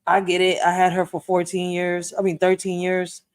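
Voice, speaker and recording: A woman's voice: fairly low pitch, completely flat delivery, normal speed. Slangy woman reacting to a comedy clip. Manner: slangy, chatty, talks straight to viewers. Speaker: reaction video host. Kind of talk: casual reaction commentary.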